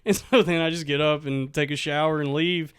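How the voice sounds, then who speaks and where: A man's voice: on the high side, fairly even intonation, a little fast, fairly bright tone, clean tone, no echo, clean studio sound. A man on a podcast, casually telling a candid story, laughing often and acting out the other person's lines.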